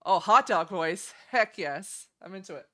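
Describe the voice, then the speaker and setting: Young female streamer, lower-pitched, relaxed giggly reaction chat. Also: measured pace. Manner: chatty, giggly, easily delighted. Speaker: streamer reacting to game trailers.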